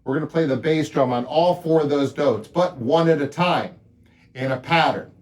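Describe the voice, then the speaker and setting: A man giving a casual drum lesson, talking straight to viewers in a relaxed, upbeat way. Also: fairly high pitch, moderate pace, background noise. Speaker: drum teacher. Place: drum studio.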